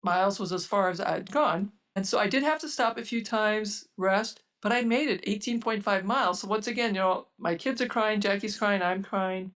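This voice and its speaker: A woman's voice: medium pitch, distant mic. A woman in her sixties, a physician guest, earnestly telling her recovery story in present tense. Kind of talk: personal story in conversation.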